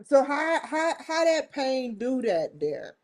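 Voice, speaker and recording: A woman's voice: high-pitched, sing-song, slow. A woman hosting a casual vlog, talking straight to her viewers in a chatty way and often breaking into laughter. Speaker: vlogger and show host. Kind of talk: casual vlog talk to camera.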